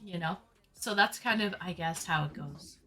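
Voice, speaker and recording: A woman's voice: on the low side, normal speed, bright, forceful tone. A woman hosting a live stream in casual chat, welcoming viewers and upbeat. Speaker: streamer host.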